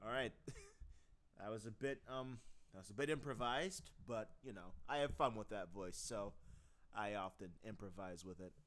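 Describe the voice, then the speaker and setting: A man's voice: on the low side, moderate pace, a bit bright. A man casually talking through his voice acting practice, rambling and self-deprecating as he laughs at himself. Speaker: voice acting hobbyist.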